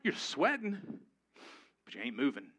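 A man's voice: mid-range voice, wildly swooping pitch, normal speed, bright, forceful tone. A man preaching a sermon to his congregation, conversational and humorous, rising to emphatic peaks. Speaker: pastor. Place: church before a live congregation.

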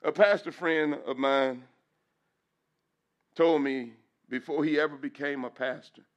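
A man's voice: fairly high pitch, steady tone, measured pace, dull audio. A middle-aged man, a pastor, giving an emotional testimony in church, preaching with repeated phrases and rising into praise. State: emotional, voice breaking at times.

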